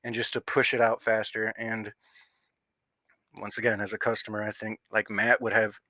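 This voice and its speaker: A man rants casually on a livestream in a bright, forceful voice, with a slight stutter that catches on some words. He rambles and restarts often as he talks. The sound is dull and lo-fi, with a dry, close feel. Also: lowish voice, little pitch movement, normal speed, no echo. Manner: rambling, with frequent fillers and restarts. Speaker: livestream host.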